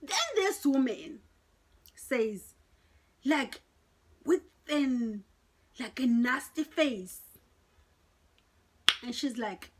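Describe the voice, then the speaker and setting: A woman's voice: sits high, expressive, extremely slow, pauses often, husky. A middle-aged woman, telling a dramatic personal story to her viewers in a chatty way. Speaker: vlogger. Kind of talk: storytime vlog.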